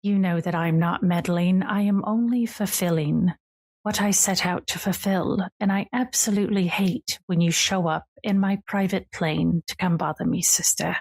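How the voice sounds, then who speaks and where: A woman's voice: fairly low pitch, steady tone, normal speed, a little mellow. A woman voicing a proud, ancient male earth deity who speaks in a stern, grave way. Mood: annoyed.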